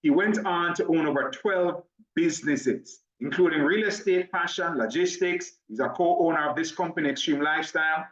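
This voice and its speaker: Fast-talking Jamaican man on a call. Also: on the high side, roomy sound, far from the mic, lo-fi sound. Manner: talks fast when excited, upbeat and persuasive. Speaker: business opportunity presenter. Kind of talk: online sales presentation.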